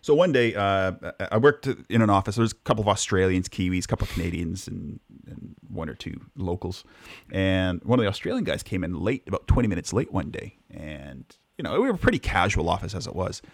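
A man with a very deep voice that still swoops up and down a lot as he tells stories. He chats casually as a podcast co-host, stumbling and restarting as he goes. The sound is dry and close. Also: brisk, creaky, no room sound. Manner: animated anecdote telling with many restarts. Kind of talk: casual chat.

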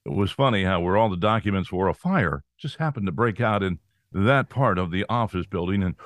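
Low-voiced, animated talk show co-host. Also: male voice, fairly quick, no room sound. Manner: conversational, digressive. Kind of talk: political talk show chat.

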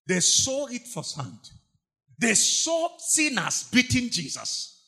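A pastor preaching with fervor, repeating phrases for emphasis. His voice is high and bright with a husky grain. It leaps between shouted peaks and hushed asides. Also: huge pitch swings, takes it slowly. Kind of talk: impassioned sermon.

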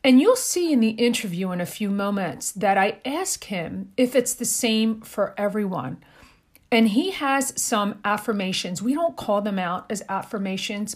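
A woman's voice: mid-range voice, expressive, a little slow. Upbeat woman podcast host. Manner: enthusiastic, effusive.

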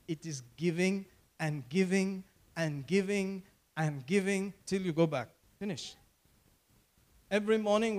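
A high-pitched male pastor delivers a sermon. He is in his fifties and talks in repeated phrases, pausing for the listeners to answer amen. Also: darkish tone. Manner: preacherly, repeats phrases, calls for amens.

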